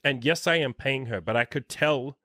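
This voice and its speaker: A man's voice: medium pitch, normal speed, sharp tone, slightly rough, no room sound, studio quality. A man in his thirties hosting an interview as a dating coach, talking bluntly with plenty of swearing. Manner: blunt, profane, emphatic. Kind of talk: casual interview chat.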